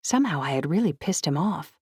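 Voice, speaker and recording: Female audiobook narrator, low and dry, steady first-person read. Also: fairly quick, breathy edge, dry recording.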